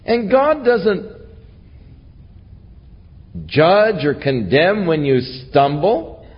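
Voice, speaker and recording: Slow husky-voiced preacher in a reverberant hall. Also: male voice. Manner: slow, earnest Bible teaching with lively rises in pitch. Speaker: pastor. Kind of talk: sermon. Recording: lo-fi recording with long hall reverb.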